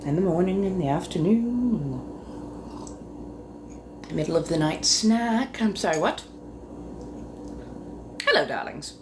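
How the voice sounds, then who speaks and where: Taking it slowly and pausing often, a woman with a lowish voice hosts a live stream from home. She chats casually with viewers in a flirty, teasing way full of innuendo and muttered asides, against steady room noise.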